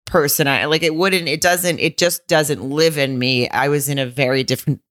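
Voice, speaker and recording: A woman co-hosting a chatty podcast, talking bluntly with rambling asides and frequent swearing. Her voice sits very low. The sound is dry and close on the mic. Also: steady tone, normal speed, fairly bright tone, no room sound. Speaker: podcast co-host. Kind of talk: casual chat.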